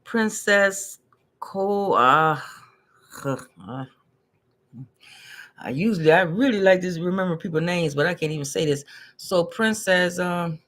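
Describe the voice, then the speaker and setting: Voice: mid-range voice, takes it slowly, pauses often, fairly bright tone. A tarot and numerology reader talking casually to live-stream viewers, chatty and repetitive, tripping over hard words and laughing at their own slips.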